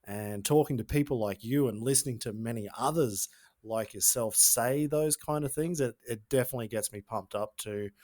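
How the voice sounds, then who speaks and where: A man's voice: mid-range voice, moderate pace, darkish tone. A man hosting a podcast, speaking in a casual, reflective ramble with hesitant fillers. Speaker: podcast host.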